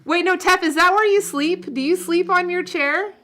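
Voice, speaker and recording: High bright-voiced woman, giggly. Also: normal speed. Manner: giggly, playful teasing. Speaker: livestream host. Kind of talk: casual chat.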